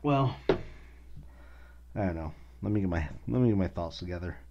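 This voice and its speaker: A man with a very low voice hosts a podcast and rants with anger, cursing in nearly every line. The audio sounds dull and lo-fi. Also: lively intonation, moderate pace, a little mellow. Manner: angry, swears constantly. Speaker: podcast host. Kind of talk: casual profane rant.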